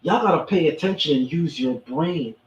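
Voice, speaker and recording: A man delivering preachy commentary with emphasis, often repeating a line to hammer it home. His voice sits a little high and comes through an echoey, muffled recording from some distance off the mic. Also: expressive, normal speed. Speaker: host. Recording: echoey, distant, dull sound.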